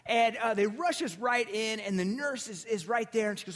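A man preaching a sermon as pastor, telling stories casually with restarts and animated asides. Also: high voice, fairly quick, few pauses. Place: church sanctuary.

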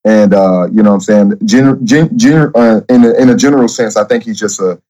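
A man who is a guest on a podcast, speaking casually, often halting and repeating his words. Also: lowish voice, dark tone, dull audio. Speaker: guest, former reality show contestant. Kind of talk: casual interview chat.

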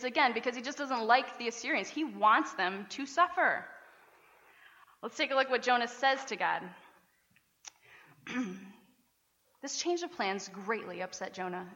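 A woman pastor preaching a lively sermon, often laughing and acting out the people she quotes. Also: fairly high pitch. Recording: dull sound with long hall reverb.

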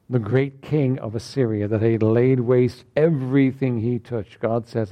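A man's voice: measured pace, hardly any pauses, highs cut off. A male pastor preaching a sermon, reading scripture aloud and then retelling it in everyday words. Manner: reads King James scripture then paraphrases it in plain talk; preaching, rising high and emphatic at points.

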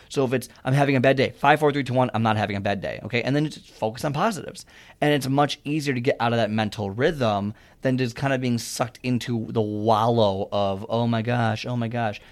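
Young guy rambling on about fitness mindset, keeps restarting sentences, earnest. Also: mid-range voice. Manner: rambling, restarts often, earnest advice-giving. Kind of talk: casual motivational monologue.

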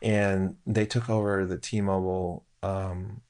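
A man who runs a food truck, telling a story as a guest in casual chat, animated and full of restarts. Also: low voice, slow pace. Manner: animated, acts out quotes in a raised voice; frequent restarts and fillers.

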